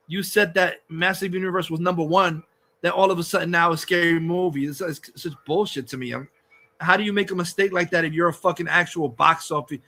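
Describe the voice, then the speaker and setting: A man's voice: high-pitched, sharp tone. A man hosting a livestream, ranting heatedly, cursing and mocking as he talks. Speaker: livestream host. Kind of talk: profane ranting chat.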